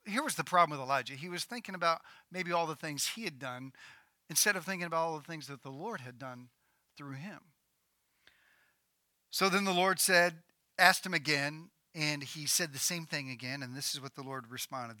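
A man preaching a sermon, retelling scripture dramatically and acting out the quoted voices, at times rising to near shouts. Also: on the high side, no room sound, studio quality. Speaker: pastor.

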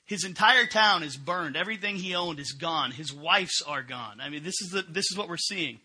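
Middle-aged guy preaching, chatty, keeps asking the crowd stuff, really bright tense voice. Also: fairly high pitch, normal speed, breathy edge. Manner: conversational, asks the congregation questions. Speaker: pastor. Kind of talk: sermon.

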